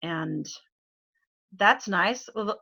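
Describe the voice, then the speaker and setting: Woman, middle-aged, Arizona accent, bright tone, casual chat, chatty, fillers. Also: medium pitch, slow pace, gravelly. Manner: chatty, laughs often, many fillers. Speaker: guest.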